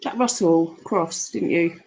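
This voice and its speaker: Slow, chatty woman livestreaming. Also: on the low side, slightly rough, poor audio. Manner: chatty, warm-hearted, rambling with fillers. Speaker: livestream host reading chat. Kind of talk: casual live chat.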